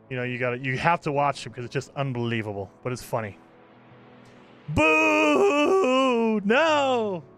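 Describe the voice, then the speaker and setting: Playing a space survival game live, a man keeps up easygoing commentary for his viewers and laughs frequently. His voice is mid-range with a fairly bright tone.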